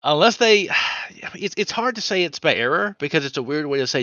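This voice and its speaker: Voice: medium pitch, animated, moderate pace, bright, forceful tone, no room sound. A podcast co-host in casual chat who argues wryly and laughs often, on a slightly dull recording. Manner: wry, laughing, argumentative.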